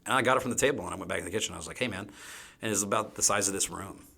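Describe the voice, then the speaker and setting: Man, very low voice, chef guest, casual rambling talk, lots of fillers. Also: very fast, creaky, bright, forceful tone, a little hiss or hum. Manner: rambling, frequent "you know" fillers.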